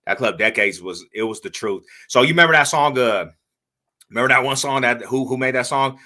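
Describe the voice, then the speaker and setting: A man hosting a podcast, telling stories in animated, slangy casual chat and laughing as he goes. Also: mid-range voice, brisk. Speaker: podcast host.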